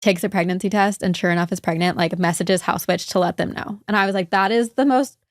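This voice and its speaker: A woman's voice: mid-range voice, fairly even intonation, quick pace, no echo, clean studio sound. A woman guest on a podcast who chats casually, often saying "like" as she tells a story. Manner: chatty, peppered with "like". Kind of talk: casual chat.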